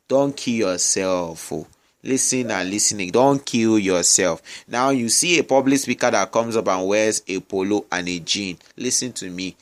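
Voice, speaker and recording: A man teaching public speaking in a webinar, repeating his key points and checking in with his listeners often. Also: lowish voice. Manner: emphatic, repeats key phrases, frequent "I get me?" check-ins. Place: noisy surroundings with distractions.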